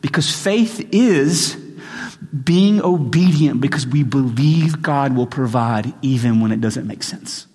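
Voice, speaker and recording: A man's voice: mid-range voice, slow, warm tone, slightly rough. A man preaching a sermon, earnest, reading scripture with growing intensity. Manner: earnest, with frequent restarts and rising intensity in readings. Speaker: pastor. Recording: long reverb in a large hall.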